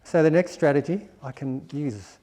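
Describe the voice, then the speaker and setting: A man giving a dharma talk as a meditation teacher, explaining in a gentle way and laughing softly now and then. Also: on the high side, moderate pace. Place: meditation centre hall. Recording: long hall reverb.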